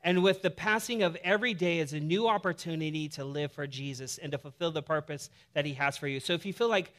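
Animated, high-voiced male pastor preaching. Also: a little fast. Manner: casual, animated preaching with humor. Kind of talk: sermon.

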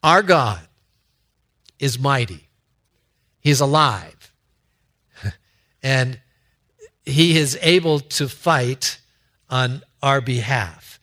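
A man preaching a sermon as a pastor, telling a story with asides and halting restarts. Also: mid-range voice, lively intonation, pushed and bright.

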